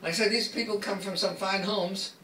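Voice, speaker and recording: A man's voice: sits high, fairly even intonation, brisk, sharp tone, slight background noise. An older man giving a public talk, telling a story and acting out the lines of the people in it. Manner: anecdotal, acts out quoted dialogue. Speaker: speaker. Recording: echoey hall from far off.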